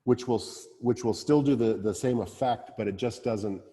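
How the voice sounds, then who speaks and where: Male winemaker, mellow low voice, hesitant casual talk, long reverb around him. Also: moderate pace. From Canada. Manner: hesitant, many fillers and restarts. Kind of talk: casual talk at a virtual wine tasting.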